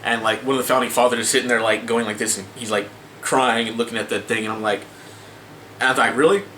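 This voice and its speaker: A man vents to camera in a loose, stop-start rant full of swearing and restarts. His voice is bright and forceful. The room is echoey, with faint ambient noise behind him. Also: medium pitch, little pitch movement, fast talker. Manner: exasperated, swearing, many restarts and filler words. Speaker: vlogger. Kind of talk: casual ranting commentary to camera.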